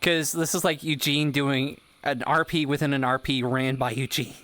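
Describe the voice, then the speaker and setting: A man's voice: mid-range voice, fairly even intonation, moderate pace, fairly bright tone. Rambling man running the role-play. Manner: rambling, filler-heavy. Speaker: game master. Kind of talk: casual role-play chat.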